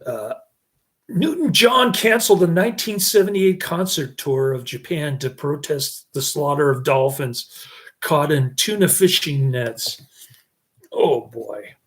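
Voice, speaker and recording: Movie reviewer, man, slightly high voice, slow halting delivery, laughs at his own jokes. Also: animated, fairly bright tone. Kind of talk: casual rambling review.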